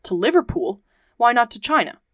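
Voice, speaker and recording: A woman reading as a gruff, curt sea captain. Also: fairly high pitch, sing-song, normal speed, fairly bright tone, dry recording, studio quality. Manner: curt, clipped refusals. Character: gruff blunt middle-aged male sea captain.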